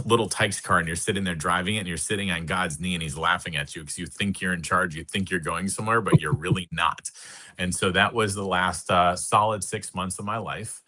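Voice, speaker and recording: Deep, bright-toned man telling a story. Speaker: podcast guest. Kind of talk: personal storytelling.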